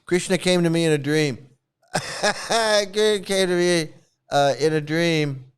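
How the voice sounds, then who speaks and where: Brief: male streamer, slightly high, very smooth voice; scornful, swears, laughs a lot. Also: takes it slowly. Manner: mocking, profane, laughs often. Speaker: online streamer criticizing a cult. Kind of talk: casual reaction livestream.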